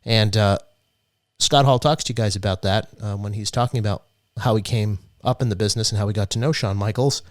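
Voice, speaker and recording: Man, podcast co-host, explanatory, low pitch, dry studio sound. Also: a little fast, no room sound. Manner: explanatory, rambling with restarts. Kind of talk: podcast commentary.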